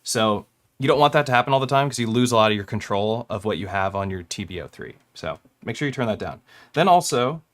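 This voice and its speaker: Low-voiced man explaining gear casually. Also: fairly quick. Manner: relaxed, rambling, self-correcting with small laughs. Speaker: music producer demonstrating gear.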